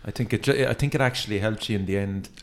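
A man's voice: fairly low pitch, fast. A man hosting a casual podcast interview, prompting his guest with short encouraging remarks and questions. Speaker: podcast host.

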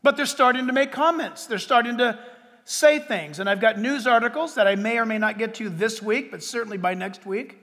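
In a large hall whose long echo lingers after every phrase, a man gives a sermon. His voice is unusually high as he stretches words out, pauses for drama, and then suddenly gets loud.

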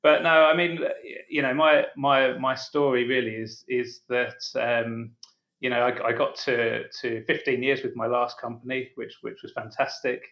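Man, 40s, interview guest, mid-pitched, friendly, hesitant, repeats words. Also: fairly even intonation, moderate pace, fairly bright tone, highs cut off. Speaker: guest, business founder. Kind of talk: casual interview.

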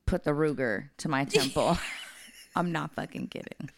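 A woman's voice: low-pitched, normal speed, vocal fry. A woman co-hosting a casual podcast, telling a blunt, profane story from her work. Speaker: podcast co-host.

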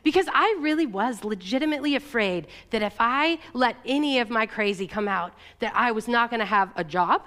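A woman's voice: expressive, fairly bright tone. A woman from Oregon giving a sermon, telling a personal story in an emotional, confessional way. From Oregon, USA. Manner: emotional, confessional storytelling with quick shifts in pitch. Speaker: church staff speaker.

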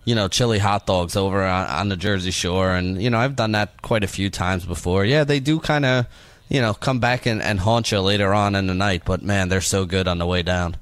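A man's voice: low-pitched, brisk, smooth. A man from the northeastern United States co-hosting a sports radio show, chatting loosely and filling his talk with "you know" and "like". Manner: rambling, lots of "you know" and "like". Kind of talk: casual radio banter.

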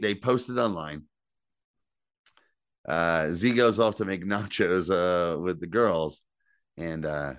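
A man's voice: sits low, fairly bright tone, dry recording, studio quality. A man co-hosting a podcast, recapping a TV episode in casual, rambling chat and acting out characters' lines. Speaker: podcast co-host.

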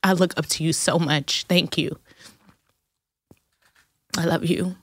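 A woman's voice: low-pitched, level tone, slow pace, husky, no echo. A woman in her thirties, a guest in a casual faith chat, talking in an emotional and effusive way, tearful at times.

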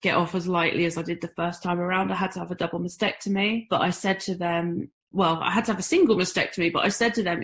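A woman's voice: on the low side, steady tone, fast, hardly any pauses. A middle-aged woman from the UK, talking candidly as an interview guest, with self-deprecating humor. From United Kingdom. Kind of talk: conversational interview.

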